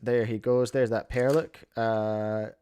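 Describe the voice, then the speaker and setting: A man with a New Zealand accent calls a livestream event like a sportscaster, playful and rambling, often mocking himself. His mid-pitched voice sounds smooth and resonant. It is recorded dry and close, with no room sound. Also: little pitch movement, slow pace, dark tone, dry recording. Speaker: host and commentator. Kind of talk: mock sports commentary on a livestream.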